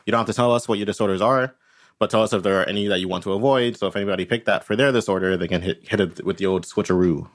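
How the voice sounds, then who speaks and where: A man's voice: lowish voice, rapid-fire. A man running a tabletop game as game master, rambling casually and tagging his points with "right?". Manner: rambling, tags lines with "right?".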